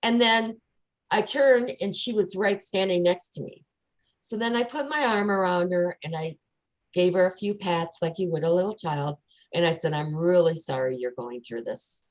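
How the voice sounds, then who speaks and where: A woman in casual chat, telling a personal story in an animated way and acting out the voices of the people in it. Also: mid-range voice, normal speed, poor audio. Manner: animated storyteller, acts out quoted dialogue.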